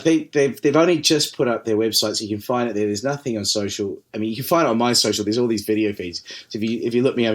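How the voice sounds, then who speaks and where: A man with a New Zealand accent, a podcast guest telling stories in a casual chat, swearing freely and laughing often. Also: fairly low pitch. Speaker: podcast guest, distillery managing director. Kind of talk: casual conversational storytelling.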